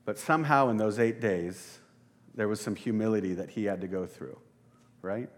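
A man's voice: on the low side, normal speed. A man preaching a casual sermon, talking conversationally and with some self-deprecation, and addressing the congregation directly.

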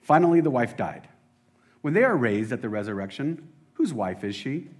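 A man's voice: medium pitch, very animated, moderate pace, darkish tone, close to an everyday voice. A man voicing a smug male questioner from an ancient sect in a snide, sneering tone during a sermon.

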